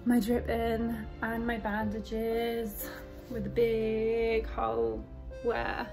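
A woman's voice: a little high, monotone, extremely slow, gravelly, over music, rough recording. A young British woman talking openly and a little nervously in a casual video diary. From Britain. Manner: chatty and open, nervous. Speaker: vlogger.

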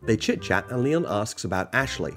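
A man's voice: lowish voice, sing-song, normal speed, over music. A man casually recapping a video game story, full of jokes and self-mocking asides. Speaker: gaming channel narrator.

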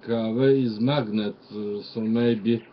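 A man unboxing gifts in a halting show-and-tell, pausing often with "uh" between short phrases. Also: on the low side, steady tone, dull audio, slight background noise. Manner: halting, pauses with many "uh" fillers while naming items. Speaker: crafter showing gifts.

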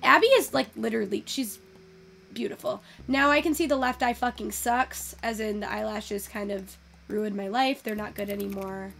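Gushing, chatty woman with gravelly fry. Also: medium pitch, moderate pace, a little hiss or hum. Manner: chatty, swearing, gushing, easily excited. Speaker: virtual photography creator. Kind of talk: casual gameplay commentary.

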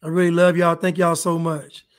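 This man hosts a casual podcast stream, and his voice sits high for a man. He talks loosely and animatedly, jokes around and circles back to the same phrases. He keeps thanking his viewers as he goes. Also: normal speed. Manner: animated, joking, repeats himself. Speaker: podcast host. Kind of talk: casual live-stream chat.

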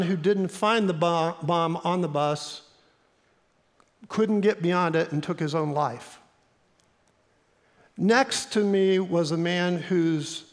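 A man preaching a sermon as pastor, telling stories earnestly and repeating key lines for emphasis. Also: fairly high pitch. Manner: earnest storytelling with emphatic repetition. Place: church sanctuary. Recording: long church reverb.

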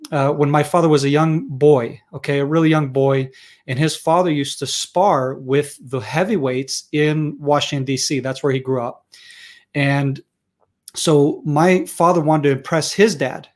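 Talkative Israeli-born man telling stories. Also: a little high. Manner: storytelling, animated, laughs often. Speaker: interview guest. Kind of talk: conversational interview.

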